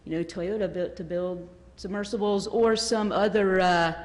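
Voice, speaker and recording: Audience member: Southern US woman, rambling and chatty, mid-pitched, recorded in a reverberant hall. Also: fairly even intonation, normal speed, a little mellow. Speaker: audience questioner. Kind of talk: asking a question at a panel.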